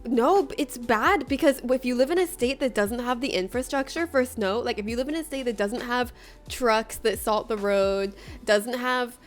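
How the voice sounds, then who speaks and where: A woman's voice: a little high, normal speed, soft background music. A young woman streamer chatting casually with her viewers, bubbly and laughing often as she greets them by name. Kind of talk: casual livestream chat with viewers.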